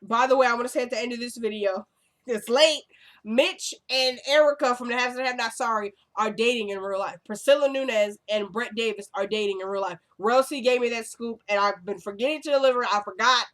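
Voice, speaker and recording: A woman's voice: on the high side, a little fast, a bit bright. A young woman casually recapping a TV episode, retelling scenes with lots of "like" and "y'all" and acting out the characters' lines. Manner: uses fillers like "like" and "y'all".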